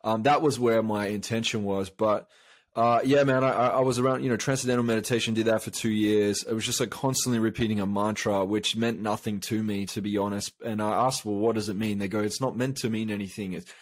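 A man's voice: on the low side, steady tone, fairly quick, no room sound. A man from Australia, a coach, telling a long personal story in a casual interview, rambling with many fillers and restarts. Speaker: guest, coach.

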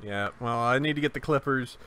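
Male co-host, crisp and bright timbre, relaxed chatty delivery. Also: mid-range voice, brisk. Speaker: podcast co-host. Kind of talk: casual chat.

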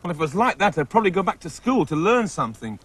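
A man's voice: high-pitched, very animated, quick pace, heavy background noise. A middle-aged man hosting a children's TV puppet show, playful and chatty as he talks to his puppets. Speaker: puppeteer host.

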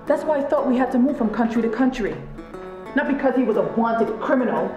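A woman's voice: on the high side, brisk, dull audio, natural voice. A woman playing the indignant wife of a captive, pleading and exasperated by turns. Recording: echoey room with music.

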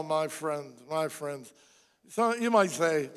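A man with a high voice preaches in a church, his words ringing with a long reverb through the hall. He tells Bible stories and acts out the speakers' lines. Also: measured pace. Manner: animated storytelling, acts out quoted voices. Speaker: pastor. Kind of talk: sermon. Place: church sanctuary.

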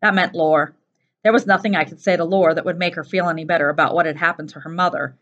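A woman teacher reading a first-person novel aloud in a steady, plain storytelling voice. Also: on the low side, fast. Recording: dull lo-fi recording.

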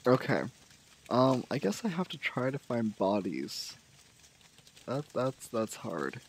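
A man's voice: medium pitch, sing-song, slow pace, breathy edge, poor audio. A man casually narrating his own video game play, musing aloud with fillers and trailing off.

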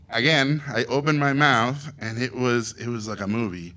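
A Mexican animation director, appearing as a festival guest speaker, tells an audience a story in an animated, theatrical way, belting out acted quotes. His pitch is medium and his pace moderate.

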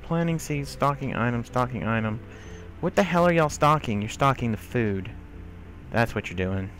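A man's voice: medium pitch, lively intonation, normal speed, fairly bright tone, soft background music. A man giving let's play commentary, exasperated and scolding the characters in his game. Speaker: gamer.

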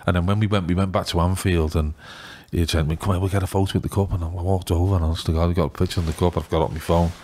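A middle-aged man with a Liverpool accent, telling rambling, excitable stories in a casual podcast chat. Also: low voice, rapid-fire, few pauses. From England. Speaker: youth football scout.

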